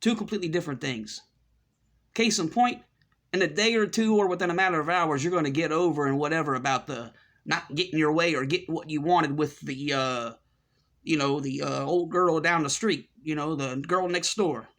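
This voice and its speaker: A man's voice: on the high side, moderate pace, a bit bright. A middle-aged man delivering a scornful, repetitive ranting monologue as a commentary host.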